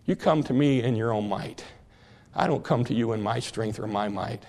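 A man voicing a young shepherd hero, speaking in a low, quiet, steady way. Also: moderate pace, breathy edge. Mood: solemn. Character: young shepherd boy hero, calm and faithful.

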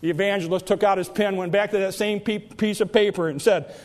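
Man, preacher, sermon storytelling, high voice, frequent restarts, long hall reverb. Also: steady tone, fairly quick, a little mellow. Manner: repeats words and restarts often.

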